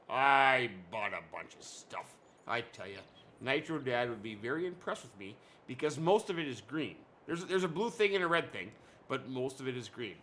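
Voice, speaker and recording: Bright-voiced rambling gaming host. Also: male voice, fairly high pitch. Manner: rambling, joking, corrects himself mid-sentence. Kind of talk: casual let's-play commentary.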